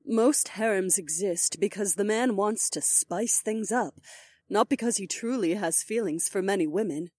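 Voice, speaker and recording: Soft-spoken loving wife for a storybook read, voiced by a male narrator; raised, hushed delivery. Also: sits high, a little slow, breathy edge, no room sound, pitched above the performer's own voice. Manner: soft, gentle. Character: gentle loving young wife.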